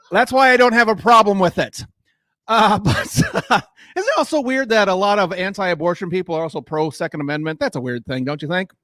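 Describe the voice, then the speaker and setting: A man's voice: sits high, expressive, brisk, a bit bright, no room sound, studio quality. A middle-aged man doing a crude, rambling stand-up set who laughs at his own jokes, on a mic in a small garage room. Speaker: stand-up comedian. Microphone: microphone in a garage.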